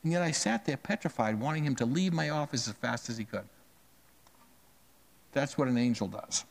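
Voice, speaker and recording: With a medium-pitched, animated voice carrying vocal fry, this middle-aged male pastor sermonizes at normal speed in a conversational, storytelling style. Hushed asides alternate with emphatic, rising phrases.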